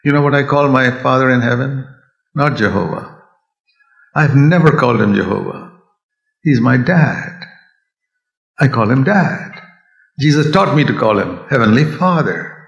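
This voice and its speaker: A man's voice: mid-range voice, lively intonation, a little slow, creaky, pauses often, dull audio. Older man, preacher, earnest and emphatic, recorded with roomy hall echo. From India. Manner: earnest, rises to emphatic raised voice. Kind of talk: sermon. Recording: echoey hall sound.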